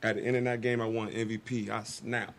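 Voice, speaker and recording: A man talking quickly and animatedly, jumping into the voices of the people in his story. His voice sits in a middle range, with a faint hiss behind it. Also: on the low side. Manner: animated, acts out quotes. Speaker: guest storyteller. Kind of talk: casual storytelling.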